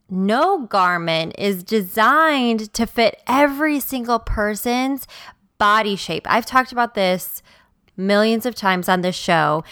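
A woman hosting a solo podcast as a stylist, excitable and emphatic, prone to rambling. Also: fairly high pitch, clear, resonant tone, dry recording.

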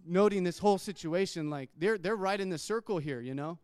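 Smooth-voiced male preacher, slightly high. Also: brisk, a little mellow, no room sound, studio quality. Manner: conversational preaching with repeated words and acted quotes. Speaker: pastor. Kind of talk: sermon.

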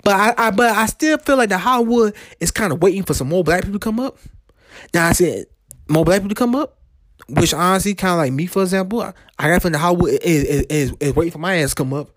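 A woman's voice: animated, fast talker, dry recording, clean studio sound. Heated profane rant from a woman. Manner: heated, profane, repeats phrases, big pitch swings.

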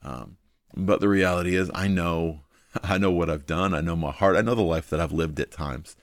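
Low-voiced man, earnest devotional talk. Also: moderate pace, no echo, studio quality. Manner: earnest, thinking aloud, many ums, repeats key points. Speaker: devotional video host. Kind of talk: informal devotional Bible teaching.

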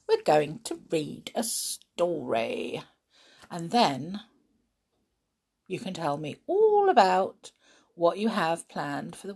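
A woman with a lowish voice tells a children's story, slow and gentle, chatting warmly between parts. She is a little hoarse today and keeps clearing her throat. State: slightly hoarse, frog in throat. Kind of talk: reading a story aloud.

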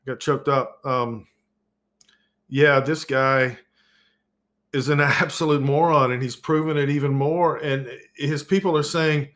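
A man's voice: a little high, unhurried. A man hosting his own podcast, ranting profanely and sarcastically about the news, over-caffeinated. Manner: profane, exasperated, sarcastic, loud outbursts. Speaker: podcast host. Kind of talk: solo podcast rant.

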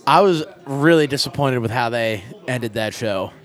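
A man's voice: medium pitch, animated, normal speed, faint music behind. A young man hosting a casual comedic chat, joking crudely and laughing often.

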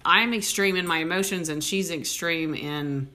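A woman, hosting a podcast and telling stories in a casual, animated way full of "like" fillers. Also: lowish voice, moderate pace. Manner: animated storyteller, many "like" fillers. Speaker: podcast host. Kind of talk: casual chat.

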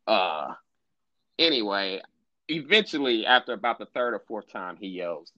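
Casual male co-host, low voice, swears, acts out quotes; dry, slightly dull podcast sound. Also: moderate pace, no room sound. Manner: profane, animated storyteller acting out quotes. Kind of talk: casual storytelling chat.

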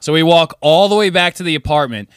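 A podcast co-host rattles off a rowdy story at a quick pace, cursing plenty and doing high-voiced impressions of his friends. His tone is clear and resonant, with studio-quality sound and no echo.

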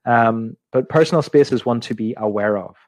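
A man's voice: mid-range voice, moderate pace, no echo. A young adult man leading an intercultural communication session, talking thoughtfully with frequent ums and restating his points. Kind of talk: reflective teaching talk to an online group.

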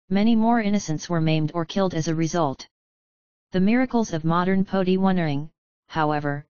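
A woman narrating a chapter of a story in a steady, measured reading style. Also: lowish voice, smooth, no echo, dull audio. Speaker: audiobook narrator. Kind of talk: scripted narration of a fan fiction chapter.

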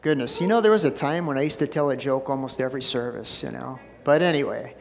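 A man's voice: mid-range voice, quick pace, gravelly, faint music behind. A man preaching as pastor, folksy and chatty with frequent restarts, telling a joke and praying in a church. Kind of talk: sermon with joke and prayer. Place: church sanctuary. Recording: long church hall reverb.

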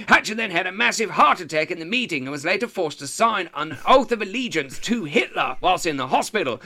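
A man co-hosting a casual history podcast, animated and laughing often as he reads out facts. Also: high-pitched, gravelly. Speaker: podcast co-host. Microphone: podcast mic.

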